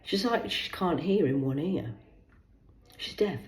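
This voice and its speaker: A woman telling a rambling personal story in a vlog, swearing freely and swinging between loud bursts and muttered asides. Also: on the low side, lively intonation, a little slow, slight background noise. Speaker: vlogger. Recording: echoey room.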